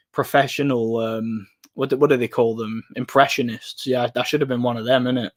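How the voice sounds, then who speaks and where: A tired man with an English Midlands accent chats casually on a livestream, rambling and repeating himself between laughs. His voice is mid-pitched. The recording is dry and close with no room sound. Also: no room sound. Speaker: livestream host reading chat. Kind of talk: casual chat.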